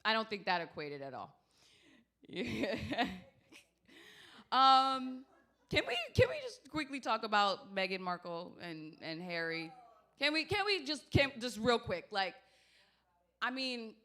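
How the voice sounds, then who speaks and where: A woman doing stand-up comedy, telling stories in a brash, profane, animated way. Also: a little high, unhurried, pauses often.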